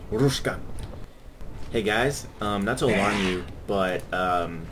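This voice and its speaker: Slow, low-voiced young man joking while gaming. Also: expressive, slight background noise. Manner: joking, crude, often clears his throat. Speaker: gamer. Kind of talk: casual gameplay commentary.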